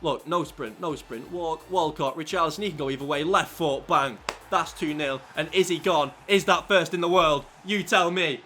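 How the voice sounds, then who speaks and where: A man commentating his own football video game, out of breath, shouting at big moments and chatting fast in between. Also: a little high, soft background music. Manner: shouts excitedly over goals, then talks fast and loose. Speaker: gaming YouTuber. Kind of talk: excited gameplay commentary.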